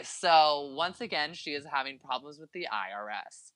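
A young man hosting a podcast in casual chat, animated and gossipy, acting out what others say. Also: fairly high pitch, normal speed, dry recording. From California. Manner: animated, gossipy, acts out quotes. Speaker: podcast host.

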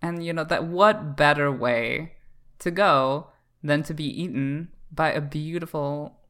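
A man's voice: a little high, measured pace, a bit bright. A man from Canada in a casual comedic podcast chat, talking in a playful, campy, teasing way. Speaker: podcast co-host.

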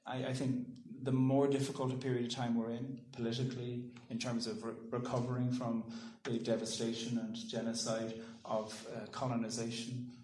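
A man giving a thoughtful public talk, pausing and restarting, and reading a poem aloud. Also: mid-range voice, level tone, darkish tone. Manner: thoughtful, halting with ums and restarts. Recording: roomy echo.

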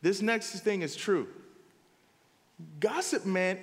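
A pastor preaches in a high, very animated voice that climbs and drops across the phrases. He talks to the congregation in a casual, emphatic way. The sound rings with the long reverb of a church hall. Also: unhurried. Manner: conversational, emphatic preaching with frequent "here's the deal". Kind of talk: sermon. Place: church sanctuary.

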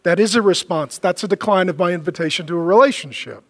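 A male pastor preaching a sermon, telling a joking story, then dropping low and slow for emphatic points. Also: in a large hall. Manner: humorous storytelling, drops to low emphatic lines.

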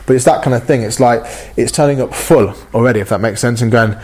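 Earnest husky-voiced man preaching. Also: medium pitch, fast, a little mellow. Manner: earnest, conversational, with frequent stammered repeats. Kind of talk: sermon.

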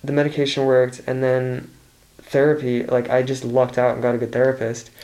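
A man's voice: mid-range voice, monotone, moderate pace, darkish tone. Podcast guest, man in his twenties, candid, rambling, lots of restarts. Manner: rambling, swears freely, many restarts. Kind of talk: candid casual conversation.

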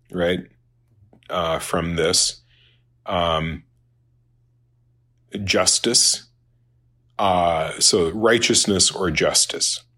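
A man teaching a Latin lesson in an unscripted lecture, halting with many fillers and restarts and dry asides. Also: sits low, a bit bright. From Minnesota, United States.

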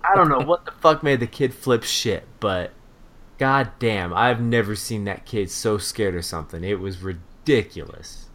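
A man in his thirties hosting a casual parenting podcast, telling a funny story with lots of swearing and squealing high when he mimics his scared child. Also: animated, moderate pace, fairly bright tone. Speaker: podcast co-host.

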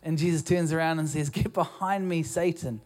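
A pastor with a New Zealand accent delivers a sermon into a stage microphone in a church. His voice sits somewhat high for a man, and he talks in a loose, conversational way, often restarting his sentences and poking fun at himself. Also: fairly even intonation, normal speed, darkish tone. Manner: conversational, self-deprecating preaching with restarts. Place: church auditorium.

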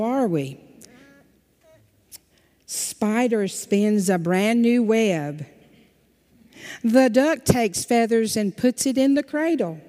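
Slow-talking woman leading a children's sermon. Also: on the high side. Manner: lively, coaxing questions to children. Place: church sanctuary. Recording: long hall reverb.

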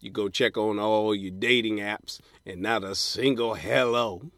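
A man's voice: fairly low pitch, steady tone, unhurried, fairly bright tone, no room sound, clean studio sound. A man hosting a podcast, giving blunt, profane dating advice in a comedic solo rant and mocking people in put-on voices. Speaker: podcast host.

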